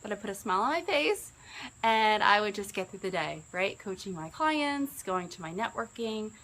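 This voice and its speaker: A woman's voice: medium pitch, lively intonation, normal speed, a bit bright, slight background noise, rough recording. A woman in her early forties, a business coach, telling her own story in an earnest, conversational way. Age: 40s. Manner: earnest, conversational, with rises when quoting herself. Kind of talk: personal testimonial talk.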